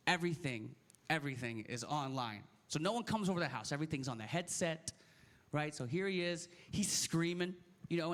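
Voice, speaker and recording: A man in his thirties doing a stand-up set, ranting in an animated and incredulous way into a handheld stage mic. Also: on the high side. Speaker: stand-up comedian. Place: comedy stage.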